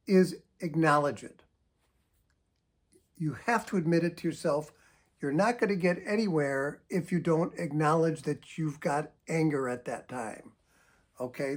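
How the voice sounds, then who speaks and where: An older man, a psychotherapist, giving earnest, emphatic advice straight to camera and showing how to sigh out deep breaths. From United States. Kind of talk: direct-to-camera advice talk.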